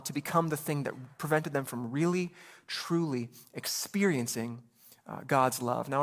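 A man preaching a sermon as pastor, animated, acting out voices in the story with quick asides. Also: mid-range voice.

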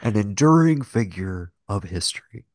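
A man's voice: lowish voice, animated, normal speed, dry recording, clean studio sound. A man co-hosting a podcast, talking casually and rambling about films, with lots of filler words and cursing. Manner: rambling, profane, heavy filler "like". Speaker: podcast co-host. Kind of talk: casual film discussion.

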